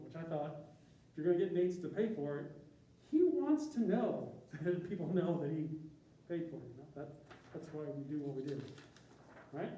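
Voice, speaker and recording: A man's voice: a little high, mellow, recorded from a distance, highs cut off. Chatty joking man in echoey room. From Chicago. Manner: self-deprecating, joking, chatty with tangents. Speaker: university graphic artist giving a talk. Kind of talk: informal classroom presentation.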